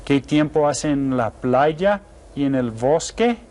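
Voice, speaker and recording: A man teaching an elementary Spanish lesson, saying Spanish phrases slowly and clearly in a friendly, encouraging teacher manner. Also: medium pitch, animated, darkish tone. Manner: slow, carefully enunciated Spanish phrases for learners.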